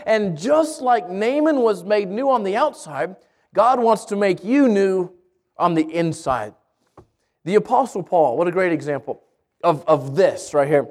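Male pastor, high voice, energetic storytelling sermon with lots of restarts. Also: normal speed. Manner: lively storytelling with repeated restarts. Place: church in Albuquerque.

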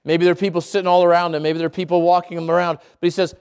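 A male pastor preaching a sermon, animated and talking straight to his congregation. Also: very fast, smooth. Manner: animated, swings pitch widely, addresses congregation directly.

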